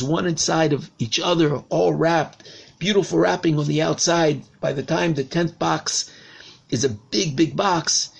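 A man, a rabbi, giving a sermon and telling a parable with animated storytelling. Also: a little high, gravelly, breathy edge.

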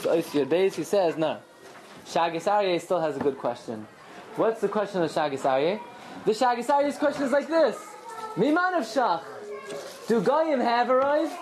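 A woman teaching a lively Talmudic lesson, acting out quoted voices and asking and answering her own questions. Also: mid-range voice, a little hiss or hum. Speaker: Torah teacher.

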